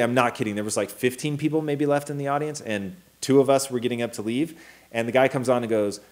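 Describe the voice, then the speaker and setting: A co-host in his thirties tells a story on a casual talk show, his medium-pitched voice brisk and full of animated energy. He acts out quotes and swears freely.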